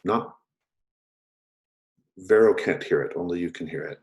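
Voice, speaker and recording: A man narrating as game master of a tabletop horror game, deliberate and descriptive. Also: deep voice, a little mellow.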